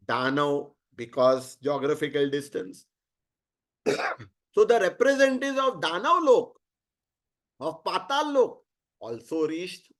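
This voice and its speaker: High-voiced Indian man telling a story. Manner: animated, asks the listeners rhetorical questions; switches freely between English and Hindi. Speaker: teacher. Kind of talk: storytelling lecture.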